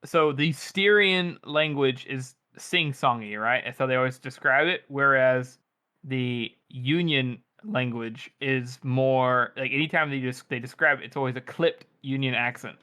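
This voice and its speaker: A man co-hosting a casual book podcast, animated and quick to laugh, often restarting his sentences. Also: mid-range voice, smooth. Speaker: podcast co-host.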